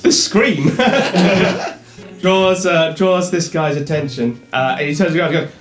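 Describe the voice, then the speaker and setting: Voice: mid-range voice, takes it slowly. A game master, narrating a tabletop game in a giggly, rambling way. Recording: echoey room with music behind.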